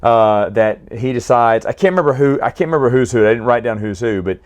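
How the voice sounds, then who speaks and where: Guy rambling through a casual review, opinionated, keeps fixing his own sentences, middle pitch. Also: expressive, quick pace, muffled recording. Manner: chatty, opinionated, with frequent self-corrections. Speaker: book and comic reviewer.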